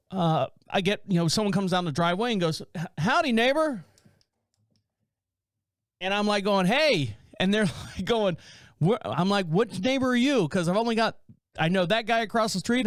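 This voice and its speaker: A man from North Carolina hosts a solo podcast from a small home studio, talking in a loose, rambling way and acting out the neighbors in his stories. His voice sits high and sounds smooth and clean. The room is dry, with almost no echo. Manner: rambling, self-interrupting storyteller who acts out neighbors' lines. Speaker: podcast host. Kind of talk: casual solo podcast monologue.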